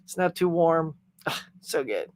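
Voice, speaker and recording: A man's voice: fairly high pitch, expressive, a little slow, a little mellow, no room sound. Goofy upbeat man hosting a live stream. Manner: goofy, upbeat, reads viewer chat aloud. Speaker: host of a pop culture livestream. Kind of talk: casual live-stream chat. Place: home setup in Southern California. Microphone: desktop USB microphone.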